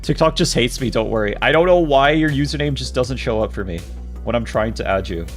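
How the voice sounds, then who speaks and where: A man's voice: mid-range voice, lively intonation, fairly quick, soft background music. A man live-streaming a game, chatting casually with his viewers in a playful, teasing, mock-dramatic way.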